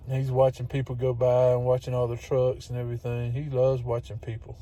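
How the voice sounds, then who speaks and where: A man's voice: medium pitch, completely flat delivery, fairly quick, few pauses, dark tone. A man talking casually to his phone camera as a truck-driving vlogger, chatty and exasperated, laughing often. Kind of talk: casual vlog rant. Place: truck cab and loading dock.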